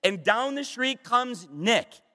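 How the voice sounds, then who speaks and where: A man delivers a fervent sermon in a strikingly high voice, leaning hard into emphatic declarations and falling to quiet asides. His words trail off into a long, echoing hall reverb. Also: expressive, takes it slowly. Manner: fervent, emphatic, swinging between loud and hushed. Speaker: preacher.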